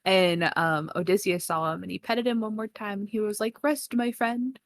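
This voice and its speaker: An excitable woman retells film scenes on a casual review podcast, jumping high to act out the characters and cursing freely. The recording is dry and close. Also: a little fast, no echo. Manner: excitable, acts out characters with big pitch jumps, swears freely. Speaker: podcast co-host. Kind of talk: casual movie review chat.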